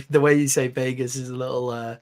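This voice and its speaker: A man's voice: mid-range voice, steady tone, moderate pace. Young British man, easygoing. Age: young adult. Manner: easygoing, laughs often. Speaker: podcast co-host. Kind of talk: casual sports-betting chat.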